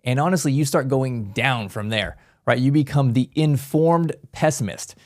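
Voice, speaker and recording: A man hosting a business podcast, giving an energetic motivational talk and acting out the thoughts of his listeners. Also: mid-range voice, moderate pace. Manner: energetic, animated, acts out quoted voices.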